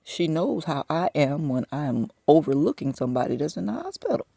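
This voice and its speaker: A man's voice: on the high side, big pitch swings, fairly quick, creaky, mellow, no room sound. A man in his fifties talking to the camera in a personal monologue, venting his frustration as he tells a story. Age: 50s.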